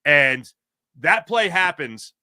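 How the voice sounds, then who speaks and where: Man, guest storyteller; bright, slightly high voice, dry close mic. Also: takes it slowly, no room sound. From Philadelphia. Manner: excited storytelling, animated. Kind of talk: casual chat.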